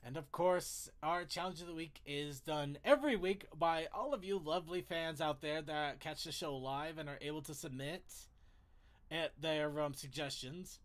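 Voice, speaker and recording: A man's voice: fairly high pitch, normal speed. A man hosting a casual online panel show, rambling through segments, laughing often and restarting his words. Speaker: podcast host.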